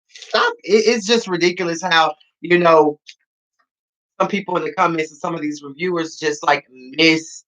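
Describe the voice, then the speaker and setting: A man's voice: fairly high pitch, bright, forceful tone, highs cut off. A man reviewing a reality show he is part of, in casual podcast talk, sassy and dramatic, repeating phrases for emphasis. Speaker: reality TV cast member reviewing his show.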